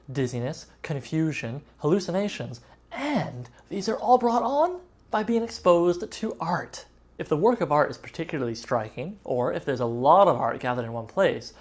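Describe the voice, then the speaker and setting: A woman's voice: deep voice, a little mellow. A woman hosting a web show, delivering a scripted comic monologue in a wry, sardonic way.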